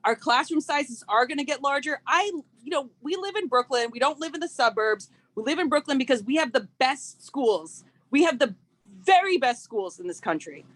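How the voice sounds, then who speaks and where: Outraged high-voiced New woman. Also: lively intonation, normal speed, a bit bright, dry recording. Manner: outraged, repetitive "like", emphatic. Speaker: parent speaking at public meeting. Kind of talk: impassioned public comment.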